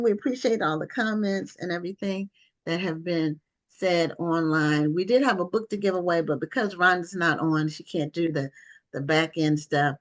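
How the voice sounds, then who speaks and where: A woman hosting an online book talk show, conversational and affirming with her guests. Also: mid-range voice. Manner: conversational, affirming, with quick asides.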